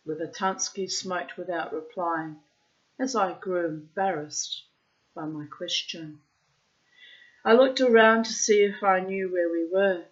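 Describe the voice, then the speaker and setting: A woman reads a literary short story aloud at an unhurried, measured pace. Her voice sits on the lower side for a woman. The recording sounds dull and lo-fi. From child of migrants. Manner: slow, measured narration. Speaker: reader.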